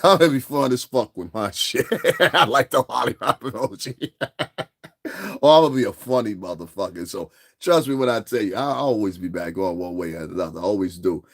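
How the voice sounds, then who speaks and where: A middle-aged man with a fairly low-pitched voice holds a loose, boastful livestream rant. He swears freely, laughs in the middle of his sentences and keeps checking that his listeners follow him. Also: brisk. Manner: boastful, profane, keeps asking "you understand what I'm saying"; laughs often mid-sentence. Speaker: livestream host.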